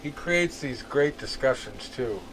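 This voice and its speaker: A man's voice: medium pitch, lively intonation, unhurried, a bit bright, rough recording. A man co-hosting a podcast, telling stories in a rambling, casual way full of "like" and "uh". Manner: rambling, filler-heavy storytelling. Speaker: podcast co-host. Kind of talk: casual chat.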